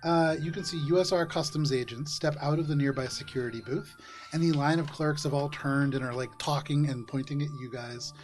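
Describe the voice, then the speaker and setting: A man's voice: on the high side, brisk, faint music behind. A man running a tabletop game, narrating casually with many fillers. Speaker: game master.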